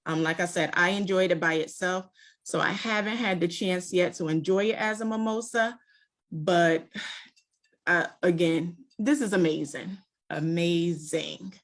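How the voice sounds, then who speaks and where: A woman giving a relaxed, chatty wine presentation over a video call. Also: fairly low pitch, normal speed. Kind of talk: virtual tasting presentation. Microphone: video call mic.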